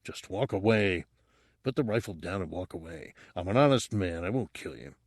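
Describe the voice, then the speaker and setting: A desperate, furious smuggler, read by a man who speaks tense and strained. His voice sits low and is recorded dry and close, for an audiobook. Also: expressive, normal speed, dry recording. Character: desperate male smuggler, father, furious and out of breath.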